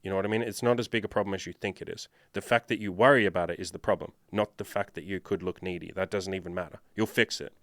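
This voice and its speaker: A man's voice: sits low, fairly even intonation, quick pace, few pauses, a bit bright, dry recording, studio quality. A man working as a dating coach, answering viewer questions in a blunt, profane, lecturing monologue.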